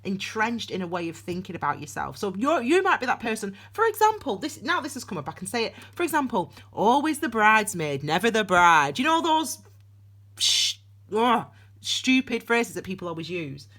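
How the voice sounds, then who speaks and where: A woman's voice: on the high side, sing-song, brisk, fairly bright tone, breathy edge. A young woman, talking alone to camera in a casual, rambling tarot reading full of restarts. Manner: chatty, rambling, self-interrupting with frequent restarts. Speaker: tarot reader. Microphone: solo to camera.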